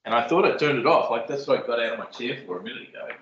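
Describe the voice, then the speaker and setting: A man's voice: medium pitch, racing, fairly bright tone, echoey room, dull audio, a little hiss or hum. A man co-hosting a podcast in casual, joking chat about editing the show. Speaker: podcast co-host and producer. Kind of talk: casual chat and outro read. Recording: outro read over clear guitar music.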